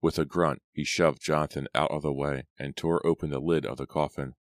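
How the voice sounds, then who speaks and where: Deep-voiced male reader for a horror audiobook, measured and dramatic, close and dry. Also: fairly even intonation, no room sound. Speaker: audiobook narrator. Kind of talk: scripted narration.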